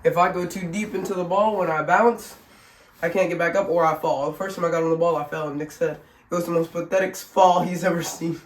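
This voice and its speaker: On the low side and steady in tone, her voice moves a little fast. She's a family vlogger at home in an echoey room, sick and short of breath, demonstrating simple workouts with chatty jokes and laughter at herself in a casual instructional vlog.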